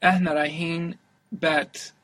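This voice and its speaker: A male language student answering drills with short phrases. His voice sits a bit high and sounds bright and husky, and he speaks very quickly. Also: little pitch movement.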